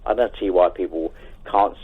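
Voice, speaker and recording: A man calling in to a radio show, speaking earnestly and haltingly and repeating himself. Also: deep voice, breathy edge. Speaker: caller. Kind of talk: phone-in call. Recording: telephone line.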